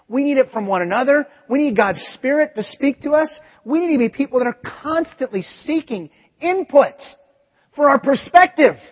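A man's voice: very high-pitched, animated, moderate pace. A middle-aged man, a pastor, preaching a sermon in a conversational, storytelling way with acted-out asides, recorded in a church sanctuary. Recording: echoey church hall, dull lo-fi audio.

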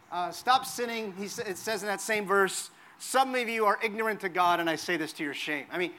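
A male pastor delivers a sermon in a notably high, bright voice. He talks to the congregation in an earnest, conversational way and hammers points home by repeating phrases.

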